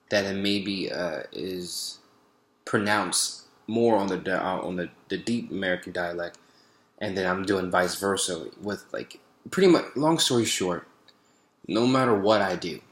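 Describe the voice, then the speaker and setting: A man with a low voice thinks aloud in a video diary. He hesitates, restarts and fills pauses with ums as he talks. The room around him rings with echo. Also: fairly bright tone. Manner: hesitant, many fillers and restarts. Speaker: vlogger practicing accents. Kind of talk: reflective spoken video diary.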